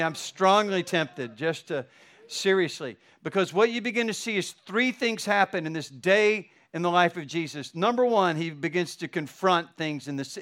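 A man's voice: sits high, fairly bright tone. A middle-aged man, a pastor, preaching a sermon with fervent, building emphasis.

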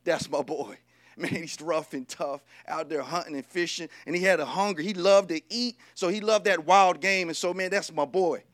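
A man voicing a proud father boasting about his rugged son, in a somewhat lower, softer voice. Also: moderate pace, no echo, lightly acted.

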